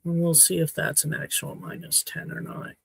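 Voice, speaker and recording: A woman from Saskatchewan hosting a casual livestream chat at home, rambling and frank, her throat a little hoarse. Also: deep voice, monotone, moderate pace, fairly bright tone, no room sound. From Saskatchewan, Canada. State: slightly hoarse throat after choking. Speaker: livestream host. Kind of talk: casual chat to a live audience.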